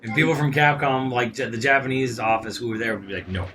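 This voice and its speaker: A man's voice: mid-range voice, quick pace, bright, forceful tone, slight background noise. Storytelling man chatting over gameplay. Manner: tells stories at length, swears casually. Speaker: co-commentator. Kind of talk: casual let's-play commentary. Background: game music and sounds.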